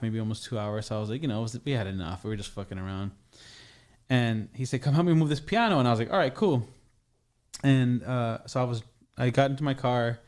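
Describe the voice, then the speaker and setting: A man's voice: medium pitch, darkish tone, clean tone. A young man, a podcast guest, telling a personal story in a rambling, casual way, full of restarts and fillers.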